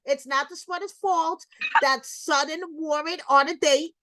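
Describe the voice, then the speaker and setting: Playful, blunt middle-aged woman host with a high voice, for casual gossip talk. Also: fairly even intonation, a little slow, a bit bright, low-quality recording.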